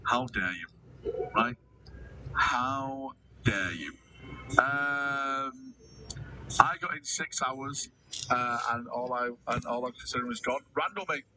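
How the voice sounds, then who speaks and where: A man's voice: medium pitch, animated, normal speed, sharp tone, far from the mic, a little hiss or hum, rough recording. A man chatting casually on a livestream, answering viewers, calling them mate and swearing freely. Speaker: livestreamer reading chat.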